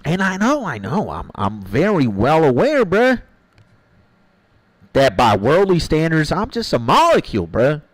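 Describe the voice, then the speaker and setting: A man whose high-ish voice swoops wildly talks at a measured pace while streaming a game. He rambles casually with viewers, slangy throughout, calling chat "bro" and "my G", on poor audio with no echo.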